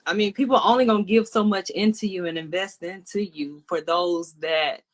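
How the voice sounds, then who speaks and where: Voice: medium pitch, fairly even intonation, normal speed. A co-host in a casual podcast chat, speaking earnestly and reflectively.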